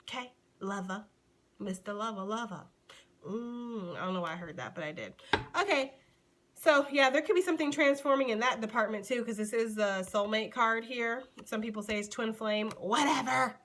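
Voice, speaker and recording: A woman from the United States giving a casual tarot reading to her viewers. Her voice sits a little high, and she is chatty and animated. She keeps calling the listener honey and sweetie. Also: fairly quick. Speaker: tarot reader.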